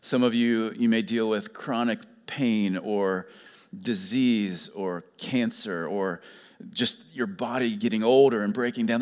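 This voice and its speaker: A man's voice: fairly low pitch, big-room sound. A man preaching a sermon as pastor, earnest and emphatic, stressing the key phrases again and again.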